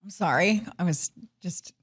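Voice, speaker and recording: A woman's voice: lowish voice, slightly rough. Joking woman co-hosting a podcast. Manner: joking, self-mocking, quick asides. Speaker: podcast co-host. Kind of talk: casual chat.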